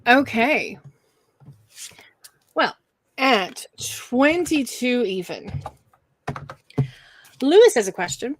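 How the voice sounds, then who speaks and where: A woman co-hosting a casual tarot livestream, reading out viewer questions and agreeing warmly with her partner. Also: fairly high pitch, sing-song, slight background noise. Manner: unhurried, agreeable, many affirming yeses.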